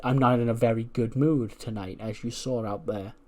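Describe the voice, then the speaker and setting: A man voicing a scheming female wrestler who threatens a rival in a low, quiet, menacing way. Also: fairly even intonation, moderate pace, lightly acted.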